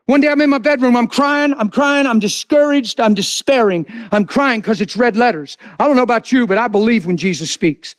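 Male preacher, very high voice, fiery delivery, dry sound. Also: no room sound. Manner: impassioned, swings from loud to hushed. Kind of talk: sermon.

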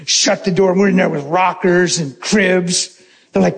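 A male preacher with a high voice delivers a sermon. He tells stories with energy, jokes and laughs along the way. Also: normal speed, vocal fry. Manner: animated storytelling, joking and laughing. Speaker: pastor.

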